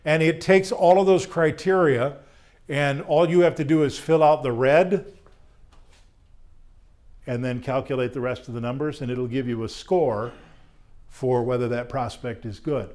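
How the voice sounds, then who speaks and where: A man's voice: mid-range voice, steady tone, measured pace, a little mellow. Male sales trainer, jokey, upbeat lecture to members.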